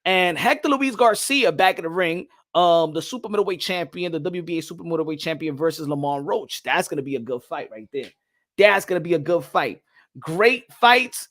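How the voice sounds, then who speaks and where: A man hosting a casual boxing talk show, animated and repetitive, getting loud and excited as he makes his points. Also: on the high side, normal speed.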